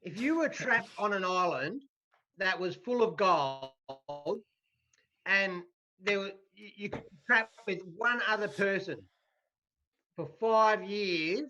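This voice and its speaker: A man's voice: sits high, animated, slow, pushed and bright. A man from Tasmania with an Australian accent, calling in to tease the guest with playful questions over a video call. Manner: teasing, playful. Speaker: caller. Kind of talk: joking call-in chat. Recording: dull lo-fi call audio with faint noise.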